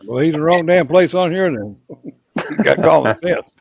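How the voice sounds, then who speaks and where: A man with a slightly high, gravelly voice ribs his friends in casual chat. His sound is dry and close. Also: lively intonation, moderate pace, no echo, dull audio. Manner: joking, ribbing.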